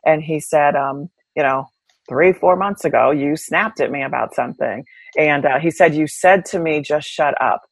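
A woman's voice: low-pitched, moderate pace, vocal fry, no room sound, low-quality recording. A woman guest in an interview, telling stories candidly and reflectively, with many fillers and restarts. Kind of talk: conversational interview.

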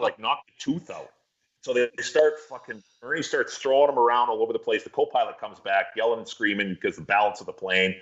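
Bright-voiced man telling a profane story. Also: mid-range voice, highs cut off. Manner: profane, rambling, animated storyteller. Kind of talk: casual storytelling chat.

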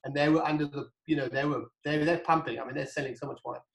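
A man telling a story as an interview guest, animated and acting out the dialogue, with frequent restarts. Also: fairly high pitch, rapid-fire, creaky, reverberant, rough recording. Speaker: guest, wine brand founder.

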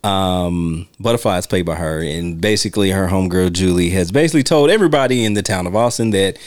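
A man's voice: deep voice, fast, no room sound. A man co-hosting a podcast, talking casually about a movie, laughing often and acting out lines from scenes. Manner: laid-back, laughs often, acts out quotes. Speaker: podcast co-host. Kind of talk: casual film discussion.

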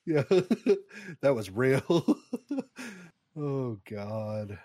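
A man's voice: medium pitch, very slow, a little mellow, no room sound. A man co-hosting a casual podcast chat, laughing often and swearing freely. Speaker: podcast co-host.

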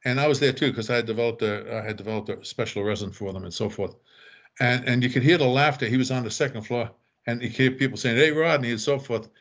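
Older man, casual storytelling, animated, does voices of people he met. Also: medium pitch, quick pace. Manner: animated, acts out quoted voices. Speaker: storyteller guest. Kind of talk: casual anecdote telling.

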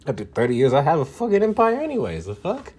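A man's voice: a little high, huge pitch swings, fast talker, a little mellow, husky. A man ranting casually for laughs, boastful and profane, laughing often. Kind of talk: casual comedic rant.

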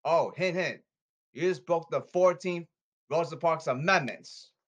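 A man's voice: on the high side, measured pace. A man delivering an angry, repetitive rant, scolding and demanding, often stumbling over his words.

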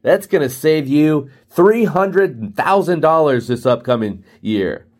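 A man's voice: fairly high pitch, animated, slow pace, a little mellow, voice pushed up. A man voicing an overeager male salesman who keeps pushing to close the deal. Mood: eager pitch. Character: pushy fast-pitching adult male salesman.

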